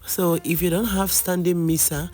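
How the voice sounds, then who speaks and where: A baking channel host with a hoarse, worn voice, chatting through a cooking tutorial, reassuring and repeating advice. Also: medium pitch, steady tone, normal speed, a little mellow. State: hoarse, lost voice.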